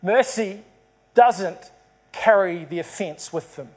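A man's voice: high voice, slow pace, breathy edge. A man preaching a sermon to a congregation, telling a story and acting out its dialogue. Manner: storytelling, acts out dialogue in the parable. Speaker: pastor.

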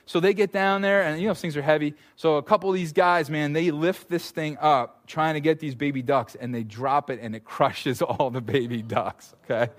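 Animated man preaching a sermon. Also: fairly high pitch, moderate pace, hardly any pauses. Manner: animated storytelling with sudden loud bursts. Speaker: pastor.

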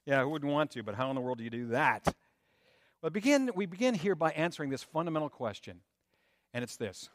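A man's voice: a little high, expressive, fast talker, no room sound, studio quality. A man preaching a sermon, with rising emphasis, rhetorical questions and a conversational tone. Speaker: pastor.

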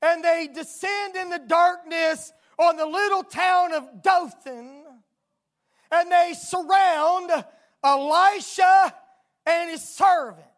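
A preacher delivering a sermon, telling a story dramatically and bursting into emphatic shouts. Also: very high-pitched, slow.

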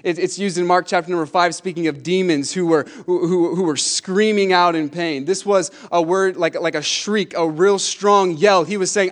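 High-voiced fervent male preacher. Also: moderate pace, hardly any pauses. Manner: fervent, swinging from hushed asides to emphatic declarations. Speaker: pastor. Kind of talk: sermon.

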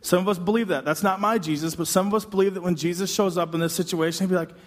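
A man preaching a sermon as a pastor, telling the story in an animated, humorous way with quick asides. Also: sits high. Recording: long hall reverb.

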